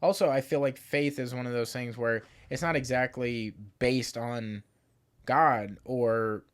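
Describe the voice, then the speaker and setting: Man, middle pitch, podcast host, casual, reflective, rambling. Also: steady tone, a little slow, clear, resonant tone. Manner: reflective, loose, with lots of "like".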